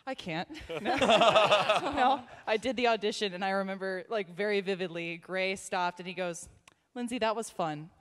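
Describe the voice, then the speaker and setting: A woman's voice: mid-range voice, moderate pace, few pauses, a bit bright, long reverb tail. A woman voice actor telling a funny anecdote on a convention panel, laughing along. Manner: laughing, storytelling.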